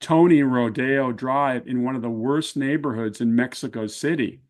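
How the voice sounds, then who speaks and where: A man hosting an interview, chatting and reminiscing about films in a relaxed conversational way. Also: medium pitch, moderate pace. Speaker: interview host.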